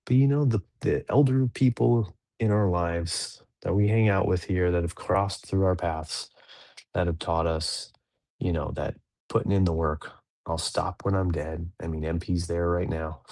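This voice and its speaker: This podcast host, a man in his thirties, has a low-pitched, darkish voice with fairly even intonation and an unhurried pace, recorded with no room sound. Chatting casually on his dads' podcast, he rambles through a daily reading and keeps correcting himself.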